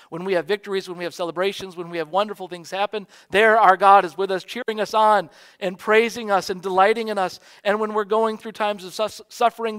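An American man, a pastor, preaching a sermon in an earnest way, softly repeating key lines for emphasis. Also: high-pitched, clean tone.

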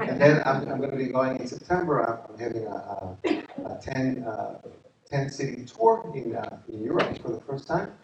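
A man's voice: mid-range voice, noisy background. A man preaching a sermon as pastor, chatty and joking, asking the congregation questions. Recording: echoey hall, distant mic.

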